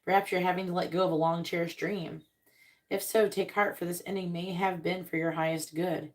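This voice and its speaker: A woman doing a casual live tarot reading, reading card meanings aloud and speaking bluntly, with swearing and quick comic voices. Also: fairly low pitch, flat delivery. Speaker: tarot reader on a live stream.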